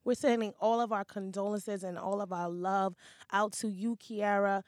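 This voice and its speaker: A woman's voice: mid-range voice, steady tone, normal speed, no echo, clean studio sound. A woman in her thirties hosting her own podcast, chatting casually and upbeat. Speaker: podcast host. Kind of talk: casual chat.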